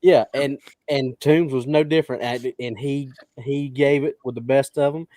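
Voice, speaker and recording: A man's voice: mid-range voice, steady tone, moderate pace, darkish tone, no echo. A man co-hosting a podcast, telling stories with frequent laughter in casual chat. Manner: storytelling, laughs often. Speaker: podcast co-host.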